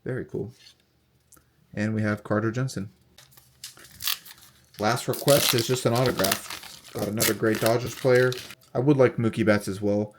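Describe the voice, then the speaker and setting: A young man with a fairly low voice talks casually while opening packs of cards. He reads off player names one after another in an easy, steady way, with small asides. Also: moderate pace, long pauses, noisy background. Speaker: card collector unboxing host. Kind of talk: casual unboxing commentary.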